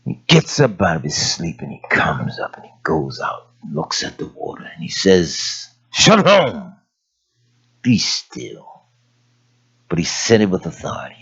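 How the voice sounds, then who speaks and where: A man delivers a sermon in a folksy, animated style, his pitch swinging widely between hushed asides and sudden shouts. The recording is dull and lo-fi. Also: moderate pace, hardly any pauses, husky. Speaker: preacher.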